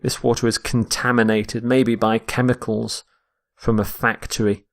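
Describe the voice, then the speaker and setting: A man teaching English vocabulary, explaining words slowly and modelling their pronunciation and stress. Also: on the low side, flat delivery. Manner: slow and deliberate, models pronunciation. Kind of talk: vocabulary lesson.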